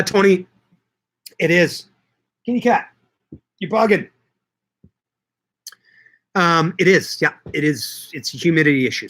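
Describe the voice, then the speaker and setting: A man's voice: mid-range voice, sharp tone, dry recording. A man hosting a casual livestream, chatting with viewers, reading their comments aloud and often repeating his words. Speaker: livestream host answering chat.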